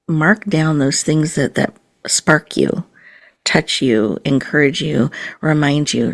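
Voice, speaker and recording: A woman hosting a podcast, leading listeners through a slow, soothing mindfulness and breathing exercise. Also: sits low, gravelly. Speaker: podcast host.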